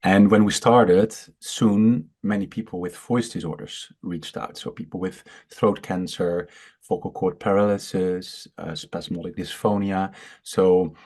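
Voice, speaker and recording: Halting Dutch-accented man who stutters. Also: deep voice, steady tone, darkish tone, breathy edge. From Netherlands. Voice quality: stutters, with many fillers and repeated words. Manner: explanatory, halting. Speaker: startup founder. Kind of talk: interview on a video call.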